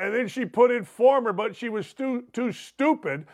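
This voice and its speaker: A man's voice: very high voice, normal speed, hardly any pauses. An older man hosting a sports radio show, ranting in a sarcastic, mocking monologue and reading out listener messages. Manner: reads listener messages aloud. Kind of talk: opinionated talk radio monologue.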